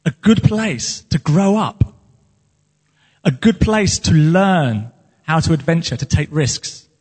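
A man preaching with earnest passion, his voice set high and edged with a husky breathiness. He delivers it as a pastor's sermon, in a church hall where every phrase carries a long, ringing reverb. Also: animated, takes it slowly, darkish tone.

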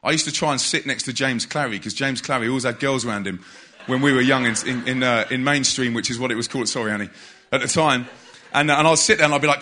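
A man's voice: on the high side, fast talker, bright, forceful tone. A man, preaching in a church in a jokey, conversational way and calling out to the congregation. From England. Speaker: visiting preacher. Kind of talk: lively church talk. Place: church hall.

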